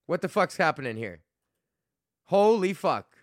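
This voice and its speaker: A man's voice: medium pitch, moderate pace, a bit bright, no echo, studio quality. A man in his thirties from Canada hosting a casual solo podcast, rambling and swearing freely, poking fun at himself and laughing often. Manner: rambling, profane, self-mocking, laughs often. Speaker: podcast host and comedian.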